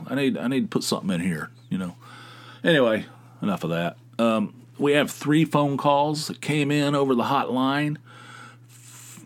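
A middle-aged man hosting a podcast, talking in a rambling, profane casual monologue with many restarts. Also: mid-range voice. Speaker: podcast host.

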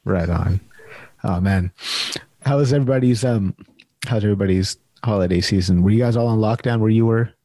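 A man's voice: fairly low pitch, a little fast, mellow, dry recording. Laid-back man hosting a video call. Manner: laid-back, chatty, says "man" often. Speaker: host. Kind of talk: casual chat.

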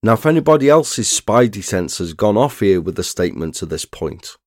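A man, narrating a true crime story in a measured scripted read. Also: on the low side, sing-song, no echo, clean studio sound. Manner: measured, reads statements aloud plainly.

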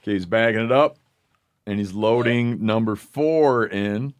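A man hosting a casual podcast chat, joking around and talking fast in bursts. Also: lowish voice. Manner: jokey, talks fast in bursts. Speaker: podcast host.

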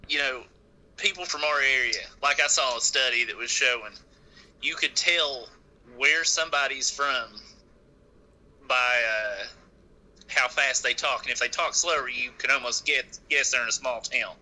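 A man's voice: mid-range voice, normal speed, sharp tone, rough recording. A man who is a podcast guest, chatting casually and easily while theorizing about things. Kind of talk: casual chat.

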